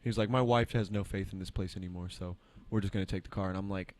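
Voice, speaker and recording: A young man with a somewhat low voice, talking with friends on a podcast. He tells his story with animation and slips into the voices of everyone in it. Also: fast. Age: young adult. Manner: animated storyteller acting out quotes. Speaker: podcast co-host. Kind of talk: casual chat.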